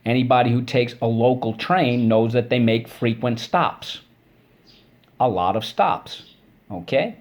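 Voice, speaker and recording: A man teaching a vocabulary and spelling lesson. He breaks words into syllables and checks in with "okay?" after each point. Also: mid-range voice. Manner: drawn-out syllable drills.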